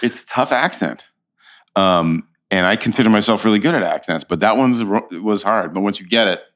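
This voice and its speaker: A man in his fifties, an actor, chatting as an interview guest and telling animated stories. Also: on the low side, brisk. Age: 50s. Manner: animated storyteller, acts out quotes. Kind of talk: casual interview chat.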